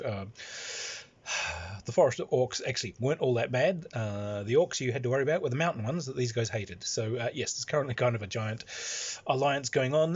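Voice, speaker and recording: A man recounts a tabletop campaign as its game master. He rambles, full of ums and chuckles, in a husky voice at middling pitch. The recording sounds dull and lo-fi. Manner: rambling, lots of fillers and chuckles. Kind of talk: anecdotal storytelling.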